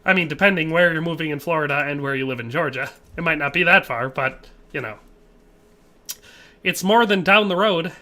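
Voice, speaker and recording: A game streamer talks with his viewers in a relaxed, rambling way and answers their chat messages as he plays. His voice sits a little high for a man and has a bright, forceful edge. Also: fairly quick. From Wisconsin, USA. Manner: chatty, reads viewer chat aloud and answers it. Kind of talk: casual live-stream chat while gaming.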